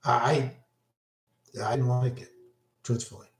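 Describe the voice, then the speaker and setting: Speaking slowly with a medium pitch and level tone, an older vlogger recalls past concerts in a loose, casual monologue. He's enthusiastic but rambling, often interrupting himself partway through a sentence, and the room sounds echoey.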